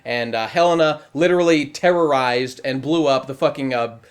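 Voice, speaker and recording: A man's voice: medium pitch, moderate pace, clear, resonant tone. A man giving a casual, opinionated review, in a wry rant full of swearing and filler words. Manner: profane, wry, animated rant with frequent filler "like". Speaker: online video reviewer.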